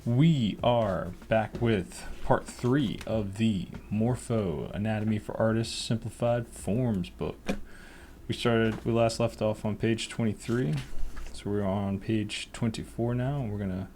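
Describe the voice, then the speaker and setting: A cartoonist casually talking through a drawing lesson in a relaxed, rambling way. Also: male voice, lowish voice, a little slow, a little hiss or hum. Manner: relaxed, rambling, laughs often.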